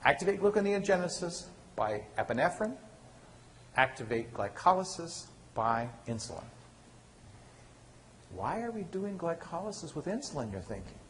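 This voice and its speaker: A man giving a university lecture, lively and asking the class questions he then answers himself. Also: on the high side, normal speed, long pauses, a little hiss or hum. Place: lecture hall.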